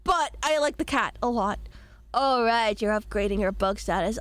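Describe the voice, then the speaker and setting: A woman live-streaming a game, chatty and giggly, reading chat aloud and rambling playfully. Her voice sits a little high, with a slight hoarseness from a cold. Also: moderate pace, no echo.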